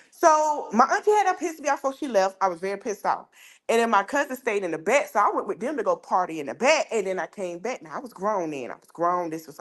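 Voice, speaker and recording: Lady on her podcast telling a story, chatty, voice jumps way up when she gets excited. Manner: animated, rises high when excited. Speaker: podcast host. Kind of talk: casual storytelling.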